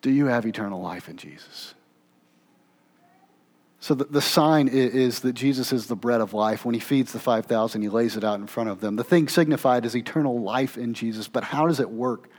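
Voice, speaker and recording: A man preaching a sermon, moving between emphatic, raised passages and quiet, low asides, often checking in with the congregation with a conversational "okay?". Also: normal speed. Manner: conversational, with frequent "okay?" check-ins and restarts. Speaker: pastor.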